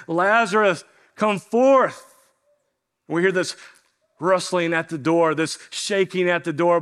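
A man with a fairly high voice delivers a sermon from the pulpit. He talks in an earnest storytelling way, leaning into key words and letting lines land slowly. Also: a bit bright. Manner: earnest storytelling preacher, slows for emphasis. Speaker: pastor.

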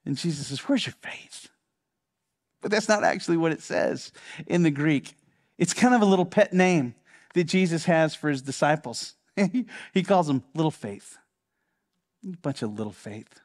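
High-voiced impassioned male preacher. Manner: impassioned, repeats phrases for emphasis, drops to a hush. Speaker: pastor. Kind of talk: sermon.

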